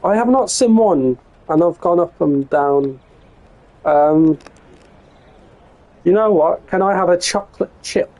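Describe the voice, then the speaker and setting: A man's voice: high voice, lively intonation, slow, pauses often, warm tone, poor audio. An English man talking casually to himself and his viewers while live-streaming a train game, chatty and muttering with some swearing. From England. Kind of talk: casual gameplay commentary.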